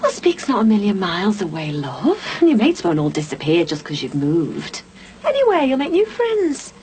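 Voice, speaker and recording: An actress playing a brisk, chatty mother in a TV soap. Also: mid-range voice, wildly swooping pitch, a little mellow, a little hiss or hum. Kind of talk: 1990s TV soap acting.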